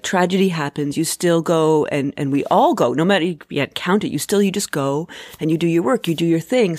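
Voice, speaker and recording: A woman's voice: low voice, dry recording. A woman comedian hosting a podcast, telling a personal story in a candid, reflective and self-deprecating way. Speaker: stand-up comedian and podcast host.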